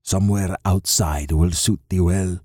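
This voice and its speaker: A man voicing a stern older Scottish clan father who speaks gruffly and bluntly, swearing as he gives orders. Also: low voice, fairly even intonation, a little slow, warm tone, no echo, clean studio sound. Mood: gruff, commanding.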